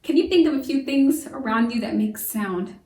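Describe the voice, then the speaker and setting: A homeschool teacher with a high voice gives a lively science lesson to young children, asking the class questions and answering them herself. She speaks at a normal speed, and she's recorded from a distance in an echoey room.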